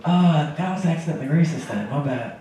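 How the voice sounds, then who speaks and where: A man's voice: fairly high pitch, lively intonation, a little fast, dark tone. A man hosting a comedy night, bantering with the crowd in a self-mocking way. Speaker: comedy show host. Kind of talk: stand-up emceeing. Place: comedy club stage. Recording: echoey club taped from far off, audible crowd.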